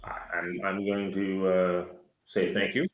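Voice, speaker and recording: A man's voice: deep voice, completely flat delivery, measured pace. A man co-hosting a talk show, chatty and full of fillers. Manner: chatty, many fillers like "you know" and "uh". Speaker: co-host. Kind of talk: casual talk show discussion. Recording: very echoey room.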